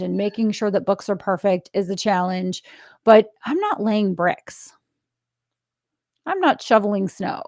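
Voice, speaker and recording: A middle-aged woman hosts a casual podcast conversation at a middle pitch. She tells anecdotes with animated, acted-out dialogue and laughs often. The recording is dry and close, with no room sound. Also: no room sound. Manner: animated storyteller acting out quoted dialogue; laughs often mid-story. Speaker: podcast host.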